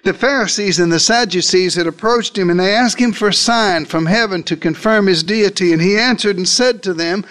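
A male preacher gives a sermon, recasting scripture as a dramatic first-person story and talking straight to his listeners. His high, slightly bright voice moves briskly with few pauses.

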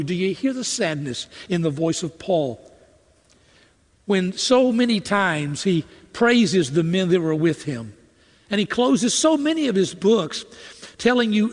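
High-voiced preacher in an echoing hall. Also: male voice, big pitch swings, measured pace. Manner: earnest, rising to impassioned emphasis, with repetitions. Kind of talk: sermon.

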